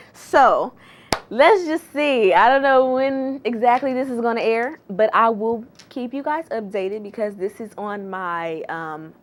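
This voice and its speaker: A woman hosting a casual gossip vlog, chatty and sassy, with slangy, exclamatory asides. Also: a little high. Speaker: entertainment gossip host.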